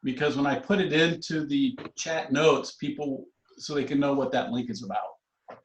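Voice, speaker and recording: A man's voice: medium pitch, moderate pace, echoey room, lo-fi sound. A man facilitating an online meeting, prompting and encouraging the participants.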